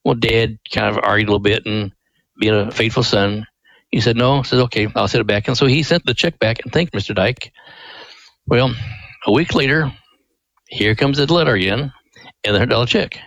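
A man's voice: medium pitch, moderate pace, vocal fry, pauses often, no room sound, dull audio. Older male guest, earnest storyteller, dry close mic. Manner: earnest, animated when acting out quotes. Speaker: ministry president, guest. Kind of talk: interview storytelling.

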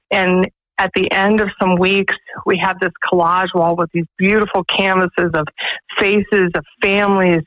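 A woman's voice: lowish voice, a bit bright, no echo, lo-fi sound. A woman, director of a pregnancy resource center, earnestly telling stories as a guest on a radio interview in a studio. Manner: earnest storytelling, quoting others.

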